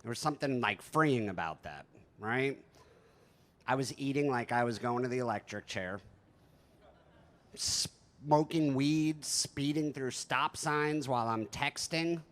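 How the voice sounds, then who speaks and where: A man's voice: medium pitch, lively intonation, moderate pace, fairly bright tone. Profane man doing stand-up. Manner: profane, conversational, self-deprecating. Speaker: stand-up comedian. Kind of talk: stand-up storytelling.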